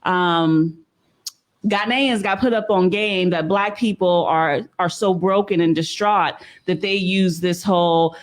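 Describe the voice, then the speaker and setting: A woman's voice: lowish voice, fairly even intonation, a little slow. A woman guests on a podcast. She talks bluntly and candidly, in a casual, slang-heavy way. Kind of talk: casual conversation.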